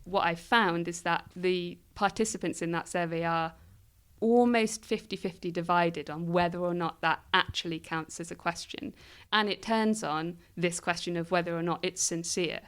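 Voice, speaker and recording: Interview guest: woman with a low, smooth voice, explaining ideas thoughtfully. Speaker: guest philosopher. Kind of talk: interview conversation.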